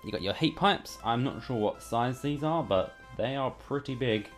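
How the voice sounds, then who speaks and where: A man's voice: medium pitch, lively intonation, normal speed, faint music behind. A man chatting casually and irreverently while unboxing gear in a bedroom at home. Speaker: hardware reviewer. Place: bedroom at home under a studio light.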